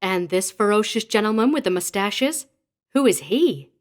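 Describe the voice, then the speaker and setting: A man voicing an excited, affectionate young woman, the narrator's fiancée, in a horror audiobook. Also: high voice, normal speed, voice pushed up. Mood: eager. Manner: bright, eager, gushing.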